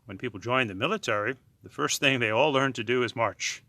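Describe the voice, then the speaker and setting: A man leading a guided breathing lesson as a yoga teacher, counting beats and chanting slowly and calmly. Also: medium pitch, no room sound. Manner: slow, calm counting and chanting.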